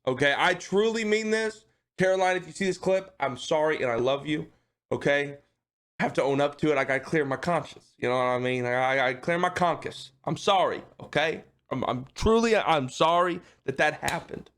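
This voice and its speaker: A male streamer with a somewhat high voice tells a story to his chat, keeping it loose and animated. He swears freely, breaks into laughter, and keeps asking "okay?" to pull his viewers along. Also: normal speed. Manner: laughs often while telling the story. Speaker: livestreamer.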